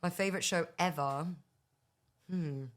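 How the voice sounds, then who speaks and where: A woman's voice: fairly low pitch, a little slow. A woman in her thirties from Bristol, with a London-tinged accent, chatting casually as a guest and laughing often. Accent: London-influenced English. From Bristol, England. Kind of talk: casual chat.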